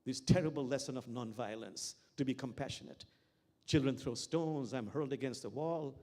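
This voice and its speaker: A man's voice: mid-range voice, normal speed, darkish tone, lightly acted. A man voicing a battered, hurt snake that complains bitterly about its treatment. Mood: aggrieved. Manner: aggrieved, lamenting.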